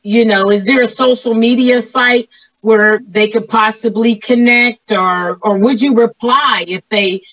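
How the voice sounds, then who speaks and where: A woman hosting a show, asking interview questions in a measured, earnest way. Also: a little high, fairly even intonation, a bit bright, no room sound. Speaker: show host. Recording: distant, dull, dry lo-fi audio.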